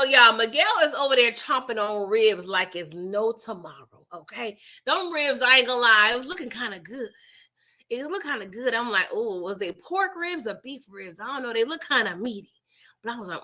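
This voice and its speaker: A woman hosting a casual TV episode recap, talking in an animated, slangy way and joking with her live chat. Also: a little high. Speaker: TV recap host.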